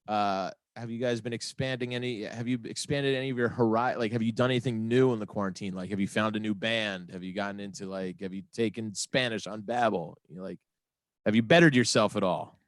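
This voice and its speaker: A man's voice: on the low side, brisk, dry recording. A man hosting a casual comedy panel chat, reading listener questions with a teasing manner. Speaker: host.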